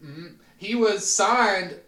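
A man hosting a casual podcast chat, leading the talk with relaxed slang and handing the word to his guests. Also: sits high, slow pace. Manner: relaxed, prompts the others, profane slang. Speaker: podcast host. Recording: roomy, distant mic.

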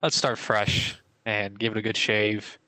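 A man's voice: lowish voice, little pitch movement, unhurried, bright, forceful tone, dry recording, low-quality recording. A young man co-hosting a podcast, telling stories in a rambling, casual way full of fillers. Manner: rambling, filler-heavy storytelling. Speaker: podcast co-host. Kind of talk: casual chat.

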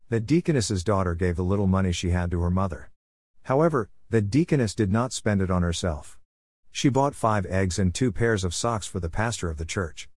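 Male narrator, lowish voice, earnest measured reading of a religious testimony, dry booth sound. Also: darkish tone, no echo. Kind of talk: scripted narration of a heaven testimony.

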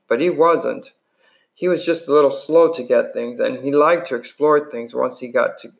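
A man's voice: mid-range voice, creaky. A man reading a novel chapter aloud, unpolished, with slips and restarts. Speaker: reader.

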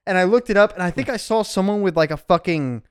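A man's voice: sits high, fast talker, clean tone. A man hosting a casual podcast, talking in a loose, laughing, profane way. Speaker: podcast host.

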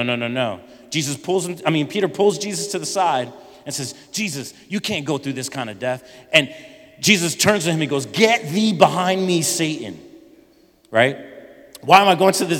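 Animated preaching man in a reverberant hall. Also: on the high side. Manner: animated preaching, acting out Bible figures' lines. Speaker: pastor. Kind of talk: sermon.

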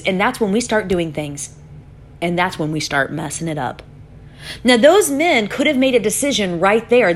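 A woman preaching a sermon, telling a story with animated swings between loud pleading and soft calm. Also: a little high, a little hiss or hum. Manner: animated storytelling, voice rises for acted pleas, drops soft for calm.

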